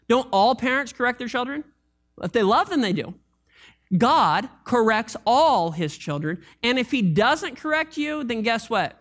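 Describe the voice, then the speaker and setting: Animated, joking male pastor preaching. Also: very high-pitched. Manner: animated, conversational preaching with humor. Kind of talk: sermon.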